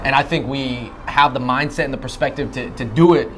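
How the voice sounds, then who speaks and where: A man's voice: mid-range voice, brisk, noisy background. Laid-back young man chatting over dessert. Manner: laid-back, agreeable, talks while eating. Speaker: web video host. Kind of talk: casual interview chat. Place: dessert shop.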